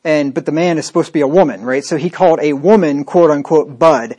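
A male preacher delivering a sermon with a fairly high-pitched voice. He talks in a scornful, combative way and keeps turning to the listener with rhetorical asides. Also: quick pace, mellow.

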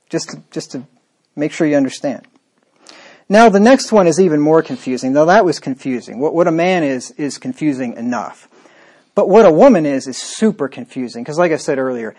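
A male preacher gives a sermon in a fairly high, mellow voice with a slight roughness. His manner is scornful and combative, and he keeps addressing the listener with rhetorical asides.

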